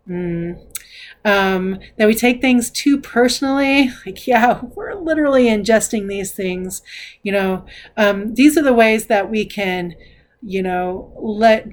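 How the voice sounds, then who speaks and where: A middle-aged woman talking casually as a tarot reader, rambling and candid, swearing now and then. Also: medium pitch. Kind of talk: casual spoken tarot reflection.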